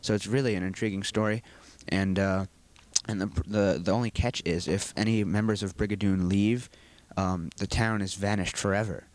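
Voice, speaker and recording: A man's voice: lowish voice, fairly even intonation, moderate pace, hardly any pauses. A teenage boy, a student actor, talking earnestly and at some length in a school video interview. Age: teens. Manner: earnest, rambling explanations.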